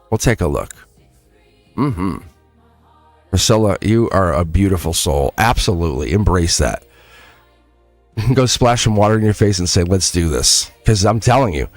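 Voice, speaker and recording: A man's voice: lowish voice, dry recording. A man reading tarot on a live stream, chatting casually and addressing viewers directly with frequent laughs. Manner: animated, chatty, laughs often, talks straight to viewers.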